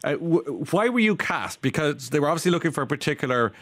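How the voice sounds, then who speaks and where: A man's voice: fairly high pitch, lively intonation, fast talker, a bit bright, dry recording. A man hosting a radio talk show, chatty with frequent restarts, reading listener texts. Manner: hesitant, chatty, reads texts aloud. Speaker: radio host. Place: radio studio.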